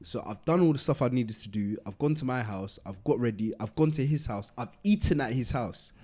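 A man's voice: medium pitch, fairly quick. A young man, telling a long story casually on a podcast, acting out quotes and using street slang. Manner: animated, acts out quotes, London street slang. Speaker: podcast co-host.

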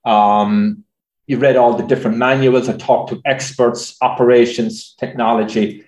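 A man's voice: medium pitch, steady tone, normal speed, a little mellow. Irish guy rambling through q&a stories, lots of ums, roomy sound. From Ireland. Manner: chatty, anecdotal, many fillers and restarts. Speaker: journalist and speaker. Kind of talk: audience Q&A at a talk. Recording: roomy echo.

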